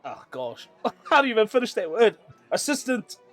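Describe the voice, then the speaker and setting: Man, high voice, giggly, theatrical tabletop player, faint music behind. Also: big pitch swings, a little fast, a bit bright. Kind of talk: playing a tabletop game.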